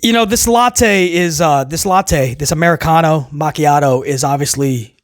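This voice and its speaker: In this laid-back video review rant about wrestling, the male host talks on the high side at a normal speed. He's sarcastic and rambling, tripping over himself with stammered restarts.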